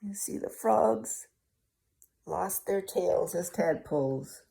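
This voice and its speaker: A woman's voice: on the low side, animated, slow pace, creaky, warm tone. An older woman reading a picture book aloud to children, coaxing and asking the listener questions. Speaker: storyteller.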